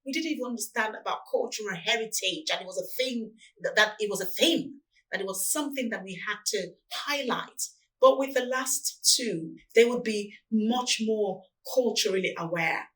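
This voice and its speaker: A woman's voice: medium pitch, moderate pace, far from the mic, poor audio. A woman in her forties with a Nigerian accent, answering interview questions about parenting in a reflective, earnest way. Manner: earnest, animated storytelling.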